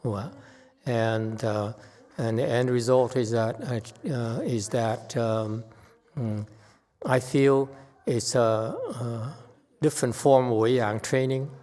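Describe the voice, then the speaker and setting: A middle-aged man giving an unscripted Dharma lecture, halting and full of fillers, bluntly stating his opinions. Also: medium pitch, mellow. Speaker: Buddhist teacher giving a Dharma talk. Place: temple hall. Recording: long hall reverb.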